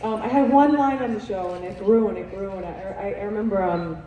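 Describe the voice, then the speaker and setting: An actress with a New York accent, a guest on a convention panel, chats quickly in a mid-range voice, swearing, laughing often and rambling with restarts. The recording is muffled and roomy, with a distant mic, faint hiss and crowd noise.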